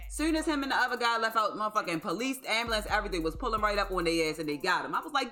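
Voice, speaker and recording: Animated, profane woman telling a story. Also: mid-range voice, very fast, hardly any pauses, soft background music. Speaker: livestreamer. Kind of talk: casual storytelling to a live stream.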